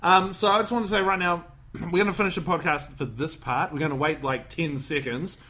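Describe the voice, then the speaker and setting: A man hosts a casual podcast, rambling through stories and jumping into quick impressions of movie lines. His voice is bright and sits a bit high. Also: fairly even intonation. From Australia. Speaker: podcast host. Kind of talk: casual chat.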